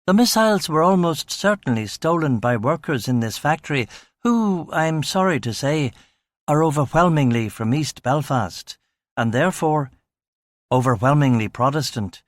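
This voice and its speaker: A man reading an audiobook, voicing a cautious middle-aged factory manager who explains things in a measured, guarded way. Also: a little high, lively intonation, no echo, clean studio sound, lightly acted.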